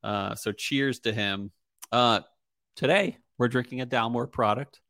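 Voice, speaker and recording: A man's voice: mid-range voice, a little slow, gravelly, bright, forceful tone, no room sound, clean studio sound. A young man hosting a casual podcast chat, rambling with lots of fillers and easy laughter. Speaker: podcast host.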